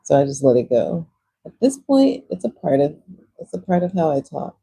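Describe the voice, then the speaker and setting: Low, husky, warm-toned Texan woman. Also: big pitch swings, moderate pace, no echo, rough recording. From Texas. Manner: chatty, laughs often, answers viewers' comments. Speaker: livestream host. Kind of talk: casual livestream chat. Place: Puerto Rico.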